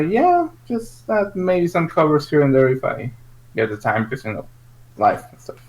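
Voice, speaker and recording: A podcast co-host who speaks slowly and hesitantly, with fillers and frequent laughs, in a mid-pitched voice. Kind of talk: casual podcast chat.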